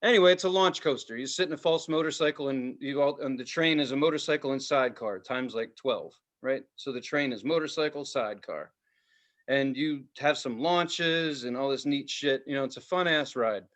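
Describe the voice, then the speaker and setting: A man's voice: mid-range voice, normal speed. A middle-aged man, a podcast co-host, telling a story in casual chat, heated and full of swearing. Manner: heated, profane, animated storytelling.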